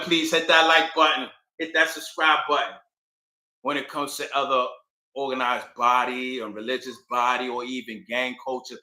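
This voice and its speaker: Bright-voiced man telling history casually. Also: fairly high pitch. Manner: slangy, animated, acts out quotes. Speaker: channel host. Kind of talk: casual storytelling history talk. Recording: echoey room.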